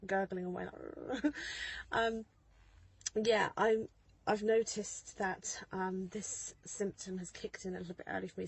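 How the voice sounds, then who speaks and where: Woman in her thirties, husky breathy voice, rambling casual vlog chat, phone mic, parked car. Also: mid-range voice, no echo, poor audio. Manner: rambling and chatty, many ums, laughs often. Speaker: mother vlogger.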